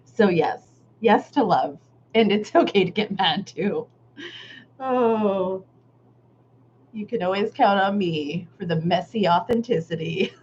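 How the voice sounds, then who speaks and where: A woman's voice: mid-range voice, expressive, slow pace, long pauses. Affirming woman leading a live art workshop. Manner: warm, affirming, casual with Southern "y'all"; laughs often, candid with occasional swearing. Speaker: workshop facilitator. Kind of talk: live online art workshop, reading chat comments. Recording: slightly dull live-stream audio with faint noise.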